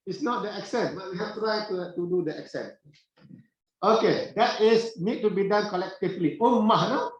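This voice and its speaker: A middle-aged man giving a classroom lecture, unhurried and repetitive, with many "uh" pauses and questions to the class. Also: high-pitched. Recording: very echoey, dull classroom recording.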